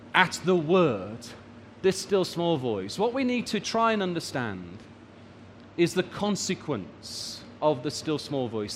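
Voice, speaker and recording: A man delivers a sermon in a high, lively voice that climbs and drops for emphasis, stretching out the words he wants to land. His voice carries a long echo from a large hall. A faint murmur of room noise sits behind it. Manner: rises and falls for emphasis, draws out key words. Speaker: preacher.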